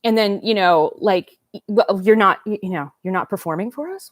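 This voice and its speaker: Chatting on her doll-collecting livestream, a woman in her 50s rambles at a normal speed and medium pitch, reading comments out loud and talking while she eats. The recording is dry.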